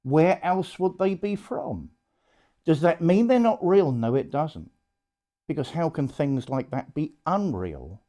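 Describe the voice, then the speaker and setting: A priest with a warm, fairly high-pitched voice addresses a small audience in an informal public talk. He takes it slowly yet sounds very animated, speaking bluntly and conversationally, peppering his talk with asides and rhetorical questions.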